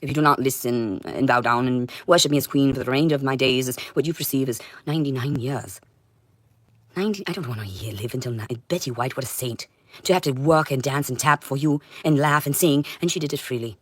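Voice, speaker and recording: A woman delivering a rambling livestream monologue in an intense, confrontational way, swinging between loud outbursts and low muttering. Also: brisk, no room sound.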